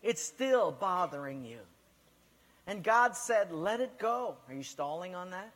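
High-voiced pastor in a reverberant hall. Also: male voice, lively intonation, measured pace, fairly bright tone. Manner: questioning the congregation directly, storytelling. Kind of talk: sermon.

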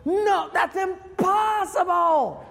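A man's voice: animated, normal speed, long reverb tail, some chatter behind. Man voicing an incredulous 1800s time traveler. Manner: exclaiming in disbelief, higher and louder.

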